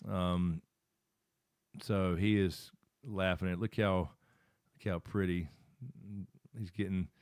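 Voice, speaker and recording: Taking it slowly, a middle-aged live-stream host thinks aloud in a casual, rambling way while working his screen at his home setup. His low, darkish voice has fairly even intonation and a clean, dry, close sound without room echo.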